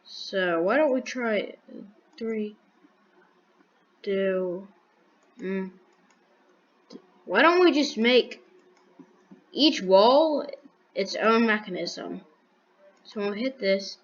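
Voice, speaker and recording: A woman's voice: medium pitch, expressive, very slow, pauses often, muffled recording. A woman giving casual commentary while building in a block game, thinking aloud with restarts, counting blocks and making dry sarcastic jokes. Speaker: gaming video creator.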